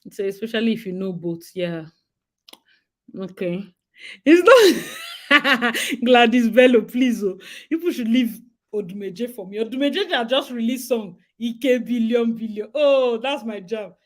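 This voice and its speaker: A Nigerian woman co-hosting a talk show, chatting in a lively, dramatic way with frequent laughs and asides. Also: on the high side, unhurried. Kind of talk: casual chat.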